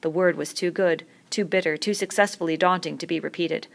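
A woman reading a novel aloud in a steady, measured narration. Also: lowish voice, vocal fry. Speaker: audiobook reader.

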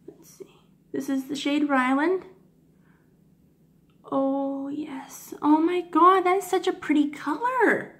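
Giddy gushing woman vlogger. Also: high-pitched. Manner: gushing, giddy, keeps addressing viewers as guys; apologetic about her swatching, soft whispered asides. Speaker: beauty vlogger. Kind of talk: casual makeup swatch review.

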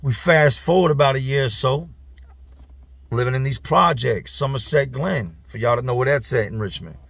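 A man casually telling a profane, slangy street story as a vlogger, animated as he retells it. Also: mid-range voice, moderate pace, creaky, slightly rough, no room sound.

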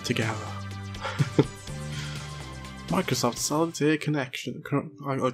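A hoarse man giving excitable, chatty let's play commentary and swearing often. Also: a little high, measured pace, over music. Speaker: gaming channel host. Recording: noisy home recording.

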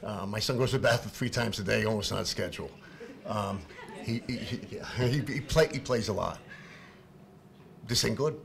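A middle-aged man, speaking up as a parent at a public meeting, halting and repeating himself, then rising to shouting. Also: fairly low pitch, creaky, a little hiss or hum. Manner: impassioned, halting, repeats words, swings from quiet to shouting. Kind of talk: emotional unscripted public comment.

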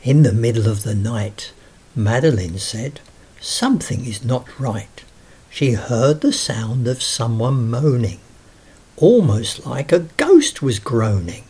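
A man's voice: mid-range voice, sing-song, slow, mellow, husky. A man reading a rhyming children's story aloud in a sing-song way.

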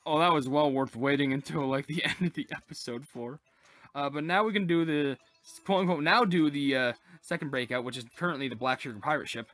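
A woman hosting a casual let's-play, chatty and excitable as she gushes over cute details. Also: deep voice, brisk, dry recording, soft background music. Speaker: gaming channel host.

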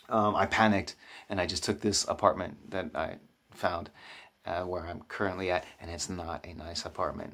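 A man's voice: on the low side, gravelly. A man telling stories in a casual vlog, chatty and self-deprecating, often restarting his sentences. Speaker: vlogger. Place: new apartment.

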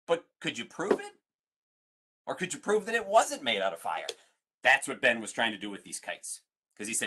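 A man's voice: medium pitch, wildly swooping pitch, fairly quick, bright, forceful tone. A man, a museum science educator, leading an online family science lesson, playful and full of questions for his audience.

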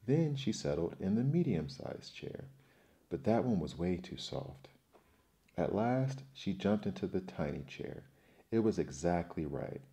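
A man reading a bedtime fairy tale in a slow, soothing, hushed ASMR style. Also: deep voice. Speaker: storyteller.

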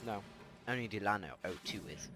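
A man chatting casually while playing a game with a friend, excitable, often stammering and repeating himself. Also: lowish voice, fairly quick, a crowd in the background. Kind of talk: casual gameplay chat.

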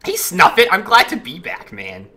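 A man's voice: high voice, wildly swooping pitch, moderate pace, bright, forceful tone. A man chatting casually while streaming a game, greeting viewers and reacting to it. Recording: game music playing behind. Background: faint game music.

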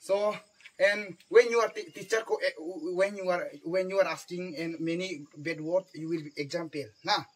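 A man playing a teacher, talking in halting broken English mixed with Hindi and repeating his words. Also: high voice, fairly even intonation. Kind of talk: improvised comedy skit.

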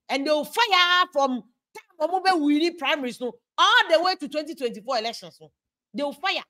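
A woman with a Ghanaian accent holds forth on politics in a passionate, preachy monologue, hopping between Twi and English. Her voice sits high and rings bright and sharp. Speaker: political commentator.

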